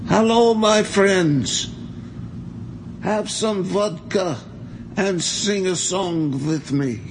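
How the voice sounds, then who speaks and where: A man's voice: high voice, gravelly, noisy background, heavily acted. A man voicing a vodka-loving Eastern European farmer who sings a comic farm song with a put-on accent.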